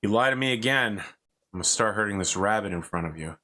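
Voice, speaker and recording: A man voicing a calmly menacing male interrogator. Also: lowish voice, quick pace. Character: menacing male interrogator, threatening yet calm.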